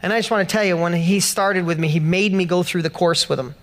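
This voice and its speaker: A man's voice: sits high, fast. A man giving a motivational speech to a live audience at an event, telling a personal story with passion and building to emphatic peaks. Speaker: motivational speaker. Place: event hall stage.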